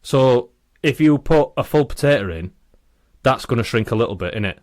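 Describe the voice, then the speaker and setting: Podcast co-host: young northern English guy, lively rambling delivery, dry close mic. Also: medium pitch, normal speed, dry recording. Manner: rambling, reasons aloud with restarts. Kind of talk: casual chat.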